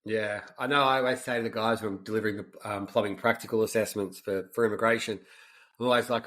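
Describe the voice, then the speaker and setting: A man's voice: lowish voice, steady tone, fast talker, fairly bright tone. A man with an Australian accent, a podcast host chatting in a friendly, matey way with lots of fillers. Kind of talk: casual chat.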